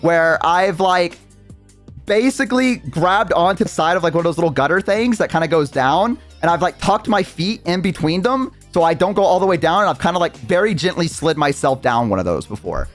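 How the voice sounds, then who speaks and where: A man's voice: a little high, expressive, brisk, faint music behind. A young adult man, a streamer, telling a story in a rambling casual way, full of fillers and swearing.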